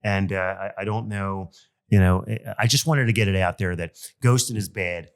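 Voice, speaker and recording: A man with a lowish voice talks on a solo podcast in a loose, animated way. He vents with open exasperation and peppers his talk with fillers. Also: normal speed. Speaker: podcast host and loan officer. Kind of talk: casual solo podcast monologue.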